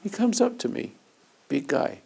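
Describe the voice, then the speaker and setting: A man's voice: sits high, animated, normal speed, creaky, warm tone, breathy edge. A man hosting a conversation as a spiritual teacher, telling rambling anecdotes with chuckles along the way. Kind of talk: storytelling in conversation.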